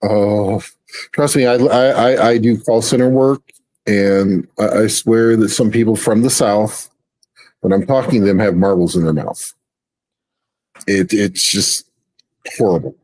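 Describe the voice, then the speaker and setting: A man's voice: on the low side, measured pace, a little mellow, poor audio. A man on a casual panel, talking hesitantly and repeating words as he finds his point.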